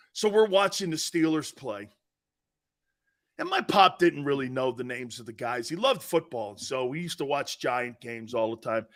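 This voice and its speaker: A man hosting a live sports talk show, telling stories in an animated, rambling way with many asides. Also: fairly high pitch. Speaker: sports talk radio host.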